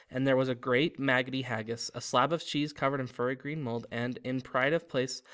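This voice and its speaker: Man reading a story aloud. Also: medium pitch. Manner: steady, with small slips and restarts. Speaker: reader.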